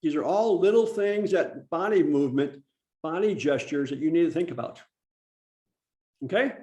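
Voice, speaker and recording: Male workshop presenter, slightly high voice, demonstrative teaching delivery, video-call sound. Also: animated, darkish tone. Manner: demonstrative, slows down to stress key words. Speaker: public speaking workshop presenter. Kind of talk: instructive online workshop talk.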